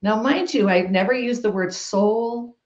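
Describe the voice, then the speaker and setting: A woman guest telling a personal story in a podcast conversation, emphatic and lively. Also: on the high side, a little slow. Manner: animated, emphatic storytelling with laughs. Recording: roomy, dull-sounding recording.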